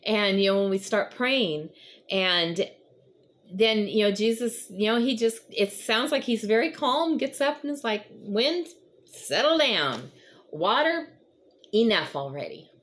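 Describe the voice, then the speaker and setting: A woman's voice: on the high side, a little slow, a little hiss or hum. Earnest woman hosting a devotional chat. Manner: conversational, rambling with frequent fillers; earnest, encouraging. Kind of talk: casual devotional talk.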